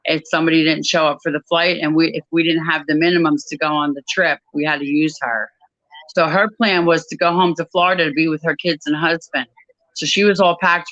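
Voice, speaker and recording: A woman guest in an interview, telling a personal story in a measured, reflective way with frequent pauses. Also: sits low, fairly bright tone, no echo, lo-fi sound. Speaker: author and guest.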